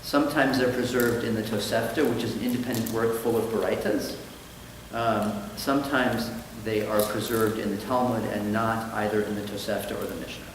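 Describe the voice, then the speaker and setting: A man's voice: lowish voice, steady tone, a little fast, slight background noise. Male rabbi teacher, chatty lecture, very reverberant hall. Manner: conversational, explanatory, with ums. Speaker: rabbi teaching a study class. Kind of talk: lecture with storytelling. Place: synagogue hall. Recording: echoey hall with long reverb.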